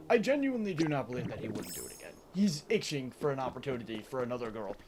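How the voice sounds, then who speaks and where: Animated, exasperated live streamer. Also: medium pitch, fast. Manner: animated, exasperated teasing rant with swearing. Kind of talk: casual live-stream chat.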